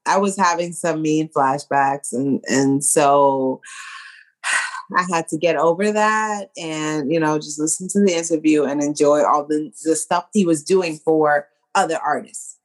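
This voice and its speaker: A woman's voice: deep voice, unhurried. Tipsy, rambling woman. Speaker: podcast co-host. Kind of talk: casual chat.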